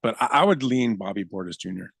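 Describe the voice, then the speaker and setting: A man co-hosting a sports radio show, giving relaxed, easygoing basketball opinions. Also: lowish voice, fast, vocal fry, no echo. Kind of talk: casual sports talk.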